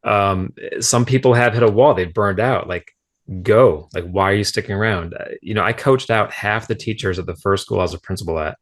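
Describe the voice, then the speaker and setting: A man's voice: lowish voice, a little fast. A man who is a former school principal talking frankly as a podcast guest, explaining his views and often adding a rhetorical "right?". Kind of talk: casual podcast conversation.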